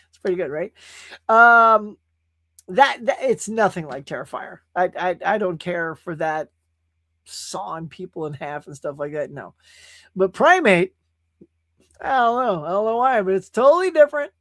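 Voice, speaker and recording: Animated man chatting on a livestream. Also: high voice, a little slow, long pauses, no room sound. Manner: animated, reads chat comments aloud, frequent laughs. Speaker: host. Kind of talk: casual live-stream chat.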